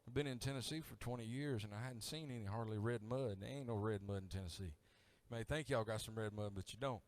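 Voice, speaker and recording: A middle-aged singer-songwriter from Alabama with a Southern accent, telling a folksy story on stage between songs. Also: male voice, lowish voice, a little fast. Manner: folksy, laid-back storytelling. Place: live music coffee house stage. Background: acoustic guitar playing.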